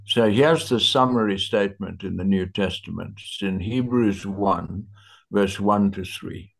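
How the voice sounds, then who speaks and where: A man teaching a Bible study in conversation, slow and searching for his words with many fillers. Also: lowish voice, gravelly.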